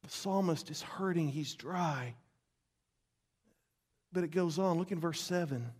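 High-voiced preaching man. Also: unhurried, husky. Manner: dramatic, swinging from loud to hushed; repeats words for emphasis. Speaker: pastor. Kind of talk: sermon.

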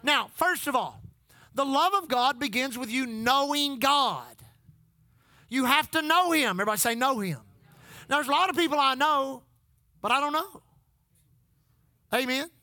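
An older pastor preaches in a high, bright voice. He stacks repeated phrases and calls out to the church for a response. The sound is dry and close. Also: normal speed, pauses often, no echo. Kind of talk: sermon.

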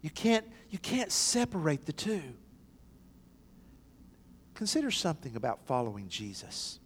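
A man's voice: a little high, very animated, measured pace, slight background noise. A man preaching an emphatic sermon in a church, bringing quoted voices to life. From East Tennessee. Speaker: pastor. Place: church sanctuary. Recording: long hall reverb.

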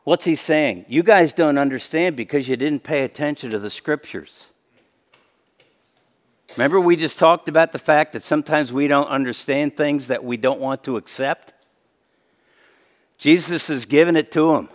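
A man delivers a sermon in a conversational, explanatory way, his fairly high voice jumping up for emphasis and then dropping low and quiet. Long reverb from a large hall trails behind his words. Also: moderate pace. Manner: conversational preaching with sudden emphatic rises and soft drops. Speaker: pastor.

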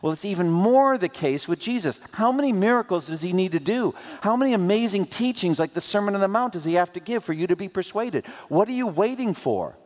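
Talking fast with hardly any pauses, a man preaches a sermon packed with rhetorical questions and playful asides. He is a pastor, his pitch swings vividly, and the large hall adds a long reverb.

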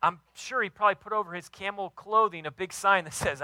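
An enthusiastic man in his thirties delivers a sermon, leaning hard on key words and acting out quotes. His voice sits high and sounds very bright and forward. The recording is dry, with almost no room sound. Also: fairly quick, no room sound, low-quality recording. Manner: enthusiastic, emphatic preaching with acted quotes. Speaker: pastor.

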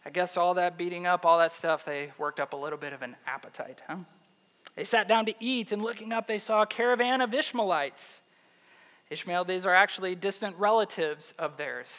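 A man's voice: high voice, fairly quick, long reverb tail. A man preaching a sermon, reading scripture and asking his listeners questions. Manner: animated, asks the audience questions. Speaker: pastor.

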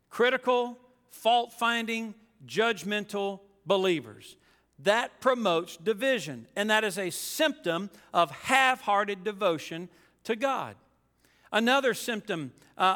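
A male pastor delivers a sermon, reading scripture and pressing his points with emphatic asides. His voice is bright and clear, and it rings with a long reverb through a church sanctuary. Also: high-pitched. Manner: reads scripture aloud then preaches with emphatic asides.

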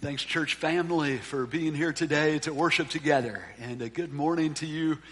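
A man's voice: on the high side, moderate pace, fairly bright tone, faint music behind. A man preaching a sermon as a pastor, earnest and full of restarts as he reads and explains scripture.

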